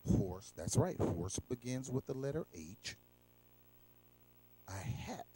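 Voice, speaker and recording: Low-voiced man hosting a kids' lesson. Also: dark tone. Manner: slow, repetitive, coaxing call-and-response. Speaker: children's show host. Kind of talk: teaching preschoolers.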